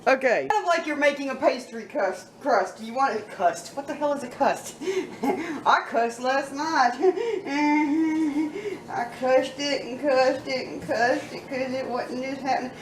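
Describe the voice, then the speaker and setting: A high-voiced woman chatting through a home cooking vlog, unhurried and giggly, talking to her pets between steps. She sounds set back from the mic in an echoey kitchen with faint room ambience behind her. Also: distant mic, slight background noise. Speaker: cooking vlogger. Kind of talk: casual cooking vlog chat.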